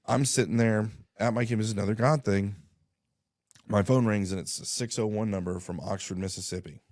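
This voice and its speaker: A man's voice: fairly low pitch, fairly even intonation, a little fast, a little mellow, no echo, clean studio sound. A man, a radio guest, telling a story in casual talk and acting out both sides of phone calls.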